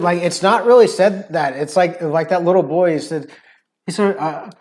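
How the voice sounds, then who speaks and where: A man's voice: high-pitched, moderate pace, darkish tone. An American man hosting a cooking livestream, chatting casually and rambling with lots of fillers. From United States. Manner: rambling, many "like" fillers, playful accent imitations. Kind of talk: casual chat.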